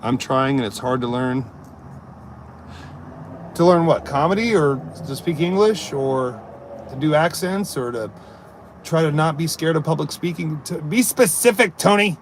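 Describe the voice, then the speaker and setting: Man, casual live stream chat, jokey rambling storyteller, slightly high voice, faint background hum. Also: unhurried, long pauses. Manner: jokey, rambling storyteller who chats to viewers. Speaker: live streamer and amateur stand-up comic.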